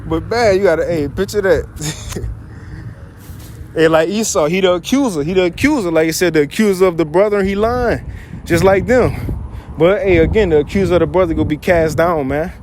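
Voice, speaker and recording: A man teaching from scripture in a casual, slangy, animated way, reading verses and riffing on them. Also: high voice, a little fast, a little hiss or hum. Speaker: Bible teacher.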